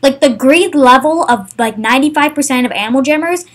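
A young woman vlogging casually over a game, ranting in an exasperated way, full of "like" and fillers. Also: high voice. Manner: exasperated, fast, filler-heavy with many "like"s. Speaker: gaming vlogger.

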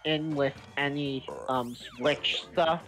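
A man's voice: fairly high pitch, fairly even intonation, slow pace, a bit bright. A man chatting with friends over an online party game, earnest and a bit stammering. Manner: earnest, stammers, reacts with laughter. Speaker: friend on voice chat. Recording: faint music behind.

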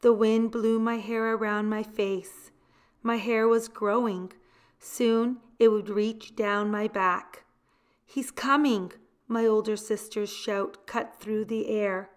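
A woman reading a children's picture book aloud in a deliberate, expressive way. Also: medium pitch. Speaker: storybook reader.

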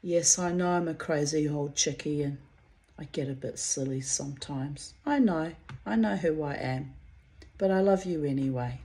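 Here an oracle card reader, a middle-aged woman with a deep, warm voice, offers a relaxed personal reading. Her talk wanders and comes from the heart, with repeated words and endearments like darlings and babies for her listeners.

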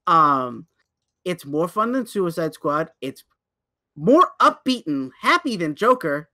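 Speaking slowly in a fairly high voice, a man co-hosting a casual podcast eagerly recounts a show and stumbles over himself. He jumps ahead and doubles back mid-sentence, narrating animatedly with frequent restarts.

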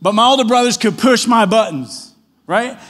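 A man's voice: very high voice, animated, normal speed, fairly bright tone. A man preaching a conversational sermon as pastor in church, telling stories casually and often tagging on questions. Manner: casual storytelling, frequent tag questions.

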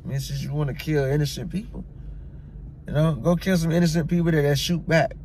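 A man's voice: a little high, steady tone, a little fast, a little mellow, a little hiss or hum. A man vlogging his opinions in a blunt, emphatic, repetitive way. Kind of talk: opinion rant to camera.

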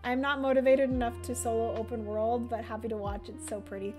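A woman's voice: on the high side, little pitch movement, brisk, darkish tone, soft background music. A young woman chatting casually on a livestream, explaining a solo board game at her table, with lots of fillers and asides. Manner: chatty, filler-heavy, reads and answers chat.

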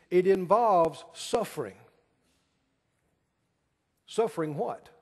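A male pastor preaches with a high, swooping voice that rises and falls dramatically. He takes his time and stretches out key words, throwing questions at the congregation. The sound carries a long echo from a large hall. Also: sing-song, a little slow, a little mellow. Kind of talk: sermon.

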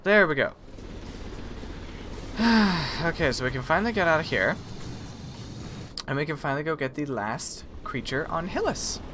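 Over game music, a male streamer chats his way through a live gameplay session, wandering off topic, fixing his own words, and complaining about the game. He speaks at a normal pace with a high-leaning, animated voice and long pauses, and background noise can be heard. The mood is talkative and a little exasperated.

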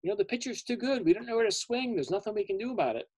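A man's voice: sits high, lively intonation, very fast, a little mellow, husky, full character voice. A man voicing a discouraged male animal baseball player who doubts his team can win. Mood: doubtful. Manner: doubtful, deflated.

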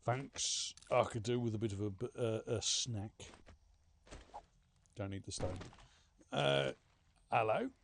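A man's voice: fairly low pitch, slow pace, creaky, long pauses, a little hiss or hum. A man commentating a game he plays, chatting sarcastically to the characters on screen. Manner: chatty, sarcastic, talks to game characters, mock-panicked outbursts. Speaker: gaming streamer. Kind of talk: casual let's-play commentary.

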